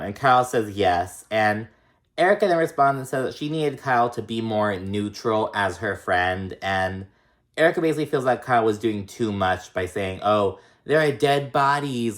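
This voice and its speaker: A man casually recapping a reality TV episode, chatty and profane, full of likes and ums, with sassy, exasperated asides. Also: fairly low pitch.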